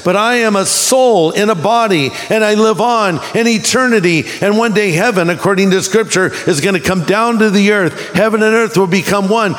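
A man preaching a sermon as a pastor, with emphatic swings in pitch and deliberate slowdowns for emphasis. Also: a bit bright. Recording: long hall reverb.

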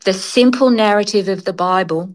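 A woman's voice: medium pitch, normal speed. Earnest woman telling a story. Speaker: interview guest. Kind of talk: casual conversation.

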